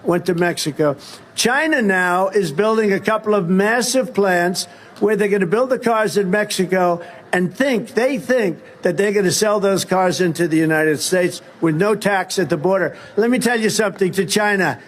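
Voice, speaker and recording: A man's voice: sits high, normal speed, a little hiss or hum. An older man giving an emphatic, repetitive campaign speech, addressing his listeners directly. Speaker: political candidate giving a speech.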